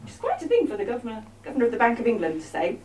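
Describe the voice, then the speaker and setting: A woman's voice: fairly high pitch, huge pitch swings, rapid-fire, a little mellow, slight background noise. Wry woman comic in an echoey hall. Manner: wry, chatty, teasing. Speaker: comic performer. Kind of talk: live comic show with audience banter. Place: arts venue stage. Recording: roomy, echoey hall from far off.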